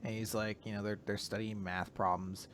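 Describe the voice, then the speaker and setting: A man's voice: fairly low pitch, normal speed. A man hosting a casual podcast, retelling a manga chapter with many fillers. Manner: animated storytelling, many fillers. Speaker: podcast host. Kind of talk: casual manga recap chat.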